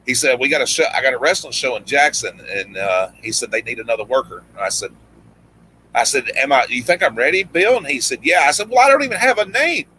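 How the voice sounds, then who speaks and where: Casting: man, bright and forward voice, casual rambling storyteller who voices the people in his tales. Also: mid-range voice, animated, fast, a little hiss or hum, rough recording. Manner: rambling, many restarts, acts out quoted lines. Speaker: guest storyteller, former pro wrestler.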